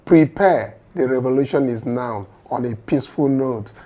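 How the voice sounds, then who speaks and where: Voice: mid-range voice, moderate pace, warm tone. A host with a Nigerian accent who drops into Pidgin and closes the show. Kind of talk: live talk show hosting.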